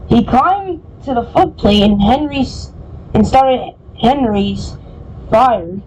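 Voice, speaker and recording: Woman, slow storybook reading, fairly high voice, self-correcting, faint background noise. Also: lively intonation, darkish tone, highs cut off. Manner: casual, stumbling over words and correcting herself. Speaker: storybook reader. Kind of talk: reading a children's book aloud.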